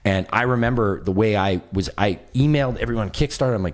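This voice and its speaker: A man in his forties from western Canada, a guest telling animated stories with quick laughs in a casual podcast chat. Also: lowish voice. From West Coast Canada. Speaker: documentary filmmaker guest.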